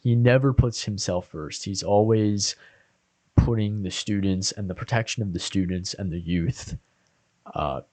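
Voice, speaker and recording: A man's voice: fairly low pitch, unhurried. A man co-hosting a podcast, talking earnestly and emotionally about a favorite anime character. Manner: earnest, emotional, soft-spoken at times. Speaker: podcast co-host. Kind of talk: casual anime discussion.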